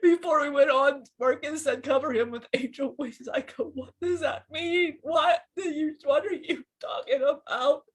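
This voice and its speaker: A woman channeling a fallen male archangel, speaking tearfully and haltingly through crying in a spiritual session. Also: high voice, natural voice. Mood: anguished. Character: grieving fallen male archangel, hurt and furious.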